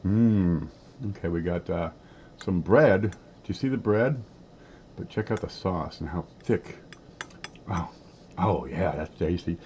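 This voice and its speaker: A man's voice: deep voice, lively intonation, takes it slowly, long pauses, a little mellow. A man hosting a coin collecting channel, chatting casually in a folksy, rambling way while he eats on camera with his mouth full. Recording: dull lo-fi sound with faint background noise.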